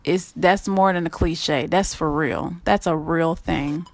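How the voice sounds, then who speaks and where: A woman's voice: deep voice, slow pace, creaky, no room sound, faint music behind. A woman hosting a casual devotional podcast, speaking earnestly and encouragingly, repeating phrases and often giggling between thoughts. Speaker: podcast host.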